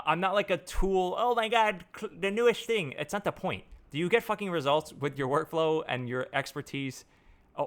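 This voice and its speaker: Here the same kind of speaker, a man in marketing reviewing software, has a medium-pitched, slightly bright voice. His casual, unscripted rant to camera wanders, with frequent restarts and plenty of swearing.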